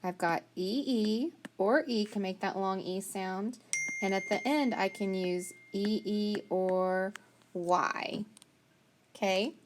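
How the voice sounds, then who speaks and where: A woman teaching a phonics lesson, slowly sounding out letters and praising the students often. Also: mid-range voice.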